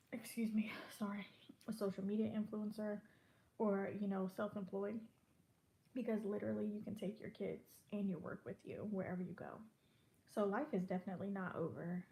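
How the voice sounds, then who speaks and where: Warm and medium-pitched, a pregnant woman in her twenties vlogs while she eats. She's chatty and wanders across topics, slipping words in between bites and sounding full.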